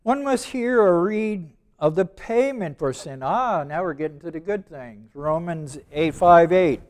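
An older man in his seventies delivering a sermon, his voice sitting a touch higher than most men's. He is emphatic, comes back to key words again and again, and draws out the verses he reads. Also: animated, unhurried, hardly any pauses, darkish tone. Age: 70s. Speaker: preacher teaching evangelism.

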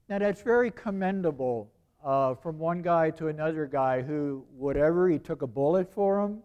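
A man's voice: fairly high pitch, animated, moderate pace, few pauses, darkish tone, clear, resonant tone. A man preaching a sermon in a conversational way, repeating phrases and asking rhetorical questions.

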